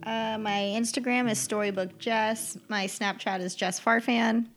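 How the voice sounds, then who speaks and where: A woman co-hosting a casual podcast, speaking softly and briefly. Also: on the high side, steady tone, measured pace, faint music behind. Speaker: podcast co-host. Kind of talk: casual chat.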